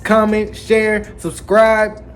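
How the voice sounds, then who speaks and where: A man hosting a casual anime chapter recap, telling it with lively slang and acting out the characters. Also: high voice, extremely slow. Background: faint background music.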